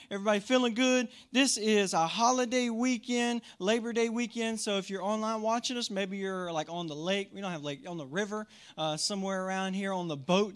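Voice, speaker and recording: Upbeat pastor with a country twang. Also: male voice, high voice, a bit bright. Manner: upbeat, chatty, addresses the room and online viewers. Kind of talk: sermon. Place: church sanctuary.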